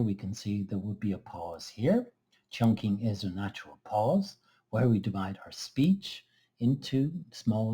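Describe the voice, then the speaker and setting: A man teaching English pronunciation, explaining exercises in a slow, careful, measured way. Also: lowish voice, mellow, slightly rough. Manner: slow, careful, measured delivery with small restarts. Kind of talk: scripted lesson explanation.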